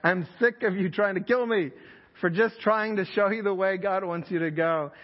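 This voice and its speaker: A man's voice: a little high, a little fast, close to an everyday voice. A man voicing Moses as an angry, fed-up leader with a raised, exasperated voice. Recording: echoey hall, slightly dull sound.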